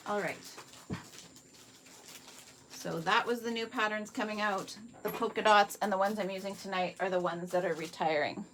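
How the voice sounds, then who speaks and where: A woman's voice: medium pitch, steady tone, moderate pace, a bit bright, slight background noise. A Canadian woman hosting a live craft tutorial, chatting viewers through each step at her workspace and answering their comments. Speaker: card-making demonstrator.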